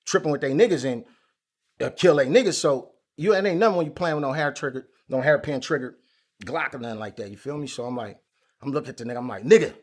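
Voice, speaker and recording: A man as an interview guest, telling a story in casual chat, animated and full of street slang. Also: medium pitch, quick pace. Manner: animated, acts out quoted lines loudly, heavy street slang.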